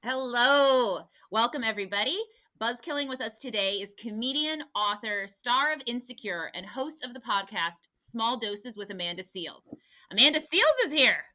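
A woman's voice: a little high, animated, moderate pace, bright, forceful tone, dull audio. A woman co-hosting a talk show who introduces the guest and chimes in with short, matter-of-fact remarks. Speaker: co-host. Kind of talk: casual chat.

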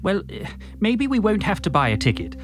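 A man voicing a calm, practical middle-aged husband, reading his lines steadily and matter-of-factly. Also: sits high, a little fast, breathy edge, heavily acted.

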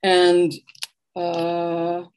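Lively storytelling woman, slightly low voice. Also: very slow. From New York, USA. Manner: animated anecdotal storytelling with laughter. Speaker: author and guest. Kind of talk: conversational interview storytelling.

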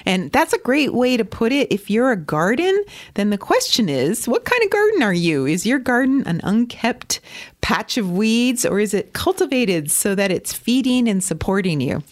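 A woman's voice: fairly high pitch, sing-song, moderate pace. A woman co-hosting a podcast, chatting casually and laughing often. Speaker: podcast co-host.

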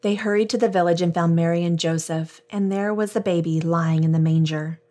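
A woman's voice: fairly low pitch, fairly even intonation, fairly quick, warm tone. A woman hosting a devotional podcast, reading scripture and reflecting earnestly, addressing listeners as friends.

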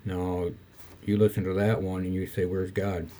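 Older man with a low, mellow voice. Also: flat delivery. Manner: halting, self-correcting, faith-focused musing. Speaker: poet reading his own poems. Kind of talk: reflective conversation and poetry reading.

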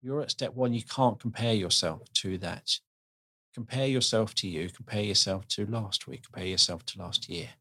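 A man's voice: lowish voice, moderate pace, sharp tone, husky, no echo. A man hosting a podcast talks casually and earnestly, often restarting his sentences as he works through his point. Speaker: podcast host.

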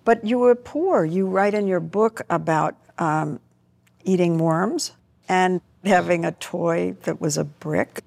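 A woman's voice: on the low side, slow pace, creaky, a little mellow. A woman conducting a broadcast interview, asking probing questions in a conversational way.

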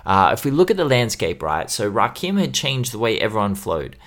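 A man's voice: lowish voice, sing-song, moderate pace, a bit bright. A man co-hosting a music podcast, enthusiastic and teasing, sounding a bit tired. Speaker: podcast co-host. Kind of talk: casual chat about music.

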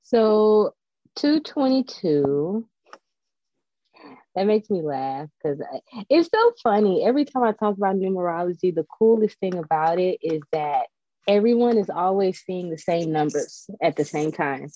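A woman in a casual spiritual chat, telling stories in a chatty, animated, digressive way. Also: fairly low pitch, a little slow, no room sound, lo-fi sound. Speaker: spiritual guest.

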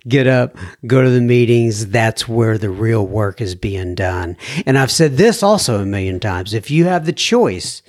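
A man hosting a podcast, reading out listener messages in a casual, halting way and often repeating words as he starts a sentence. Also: on the low side, animated. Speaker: podcast host.

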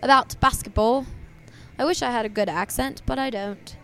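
A woman co-hosting a sports podcast from a tavern, chatty and quick to tease. Her voice sits a little high, and faint music plays behind her. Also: vocal fry. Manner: teasing, chatty. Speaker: podcast co-host. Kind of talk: casual sports chat.

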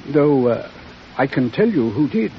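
An actor playing a nervous, evasive suspect in a vintage radio drama, speaking hesitantly and defensively. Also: male voice, medium pitch, very animated, unhurried. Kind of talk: 1940s radio acting. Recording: muffled old radio broadcast with faint hiss.

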